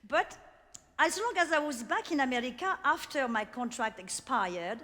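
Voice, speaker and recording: An older woman with a French accent, telling a story in a one-woman stage show, theatrical and animated, laughing between lines. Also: high voice, normal speed. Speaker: cabaret performer. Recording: reverberant theater hall.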